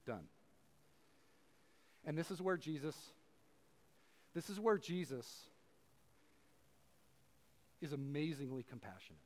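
High-voiced man preaching in a reverberant hall. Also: measured pace, long pauses. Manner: casual and animated, acts out voices, many fillers. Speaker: preacher and professor. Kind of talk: conversational sermon. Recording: long reverb of a large hall.

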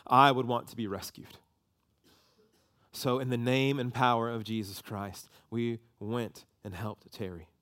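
A man, preaching a sermon and telling a story with lively emotion. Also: medium pitch, dry recording, clean studio sound. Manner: animated storytelling, voices rising with emotion.

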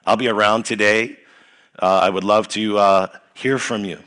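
Man, young adult, youth rally preacher, bright edgy voice, lowish pitch, lively, leads chants, slightly worn voice. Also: normal speed. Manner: energetic, playful, leads chants. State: voice a bit worn. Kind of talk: sermon with crowd call-and-response.

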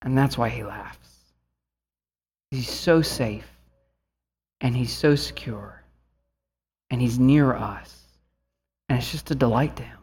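A man's voice: medium pitch, slow, long pauses, a little mellow, slightly rough. A man in his thirties, a pastor preaching an earnest sermon and telling a family story, rising at times to fervent appeals.

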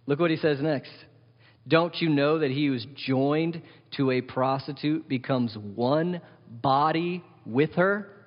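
A man preaching a sermon as pastor, animated and wry, asking the congregation questions. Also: on the high side, slow, big-room sound, lo-fi sound. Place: church hall.

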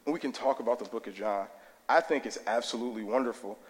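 A man's voice: mid-range voice, quick pace. A man preaching a sermon in a church, casual, conversational and enthusiastic. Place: church sanctuary. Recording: long hall reverb.

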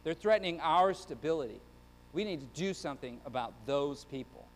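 A man's voice: a little high, animated, fairly quick, a little hiss or hum, poor audio. A man voicing a fearful, suspicious ancient king who grumbles distrust of strangers.

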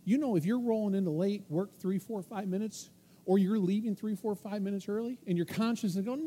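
A man preaching a sermon as pastor, lively and emphatic, slipping into the voices of the world, the flesh and the conscience. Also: sits high, normal speed, breathy edge. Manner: animated preaching, acting out inner voices.

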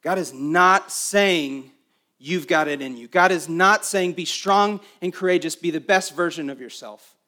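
A pastor delivering a sermon to his congregation, his voice sitting a little higher than most men's. He builds to emphatic, raised lines, then drops to quiet, intimate stretches. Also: measured pace.

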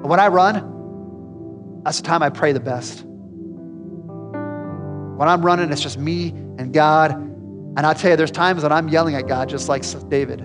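Pastor guy preaching, chatty and direct, voice on the high side, long church echo. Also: slow, long pauses, music in the background. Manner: conversational, direct, emphatic. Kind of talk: sermon. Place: church sanctuary.

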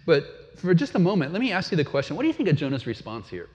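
A man's voice: a little high, huge pitch swings, quick pace, darkish tone. A man preaching a sermon in a conversational way, often asking his listeners questions. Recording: dull sound with long hall reverb.

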